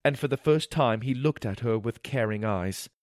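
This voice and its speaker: A man narrating a children's adventure story in first person, animated and voicing the sound effects himself. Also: mid-range voice, normal speed, no echo, clean studio sound.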